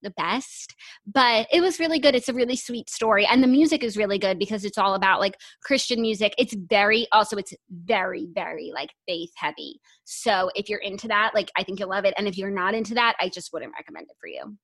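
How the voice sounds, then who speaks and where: A young woman co-hosting a podcast in casual chat, agreeable and expressive as she reacts and shares her opinions. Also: medium pitch, a little fast. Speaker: podcast co-host.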